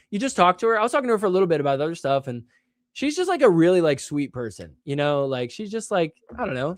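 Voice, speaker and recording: A man hosting a show, telling stories in a casual way with lots of "like", animated and poking fun at himself. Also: on the high side, no echo, studio quality. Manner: animated, self-mocking, heavy use of "like". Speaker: show host. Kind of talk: casual solo storytelling.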